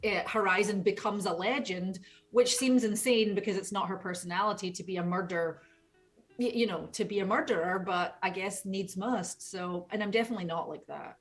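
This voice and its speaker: A woman's voice: mid-range voice, moderate pace, faint music behind. A woman from the United States, a voice actor, chatting casually in a rambling, talkative way. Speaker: game voice actor. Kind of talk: casual video chat.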